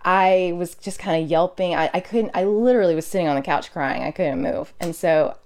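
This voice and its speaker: Chatty woman telling stories, lower voice. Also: fairly quick. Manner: animated, emotional storyteller with many fillers. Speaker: nurse, podcast guest. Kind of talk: casual interview storytelling.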